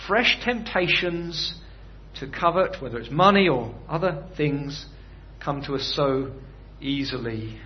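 A man delivers a sermon in an easy, conversational manner, tossing rhetorical questions to his listeners. His voice sits a little high for a man. The recording is dull and lo-fi. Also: animated, measured pace. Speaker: preacher.

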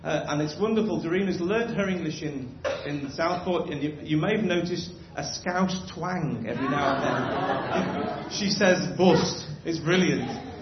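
A man's voice: fairly high pitch, unhurried, hardly any pauses, echoey room, crowd noise. Upbeat man leading a church gathering. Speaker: church leader leading prayer and readers. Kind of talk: prayer, then hosting a church gathering. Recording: dull lo-fi with faint hiss.

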